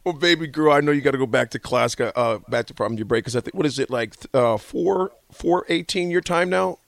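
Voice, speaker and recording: A man's voice: mid-range voice, fairly quick, vocal fry, no echo. A middle-aged man hosting a radio show, chatting affectionately with his daughter on the line. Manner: doting, affectionate. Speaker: radio host. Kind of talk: casual radio chat.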